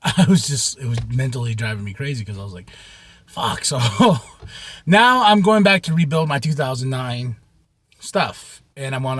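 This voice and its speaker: A man telling a rambling story to camera in a casual, profane way, with sudden shouts and many repeats. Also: medium pitch, no echo. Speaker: vlogger.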